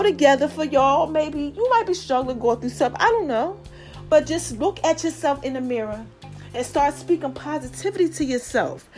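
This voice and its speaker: Sassy high-voiced woman in her forties. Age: 40s. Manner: sassy, playful, laughs often. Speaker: podcast host. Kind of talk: casual motivational monologue.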